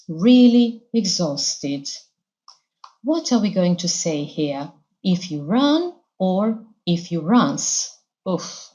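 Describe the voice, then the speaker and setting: A Serbian woman teaches English in a televised classroom lesson. She talks very slowly and patiently, in a low-set voice, repeating each example carefully. Her accent marks a native Serbian speaker. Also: darkish tone.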